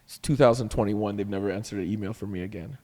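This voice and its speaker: A man from Canada, a comedian guest telling an animated anecdote, acting out the voices of others and often laughing. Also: on the low side, quick pace, big-room sound. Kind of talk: storytelling anecdote.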